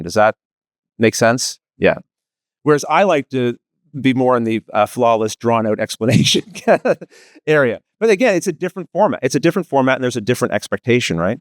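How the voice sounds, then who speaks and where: A man with a Maritime Canadian accent giving a lively conference panel talk, joking with the audience and asking them questions. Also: medium pitch, fast talker, no room sound, clean studio sound. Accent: East Coast Canadian, Maritimes. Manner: lively, self-deprecating, asks the audience questions. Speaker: panel presenter, tutorial video creator.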